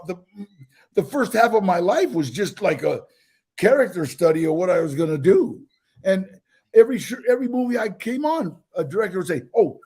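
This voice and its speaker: An older man telling his own life stories in a casual interview, animated, with many restarts and acted-out quotes. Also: sits high, husky. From United States.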